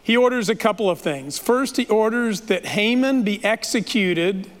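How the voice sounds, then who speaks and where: A man's voice: high voice, expressive, moderate pace. A man preaching a sermon, retelling a story in a dramatic, playful way with asides to the listeners. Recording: long reverb of a large hall.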